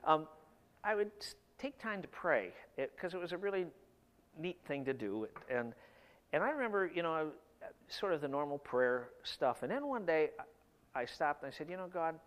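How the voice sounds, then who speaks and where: A middle-aged man delivers a sermon in a fairly high voice, his words trailing off into a long hall reverb. He swings between emphatic bursts and quiet, drawn-out passages. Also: sing-song. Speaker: pastor.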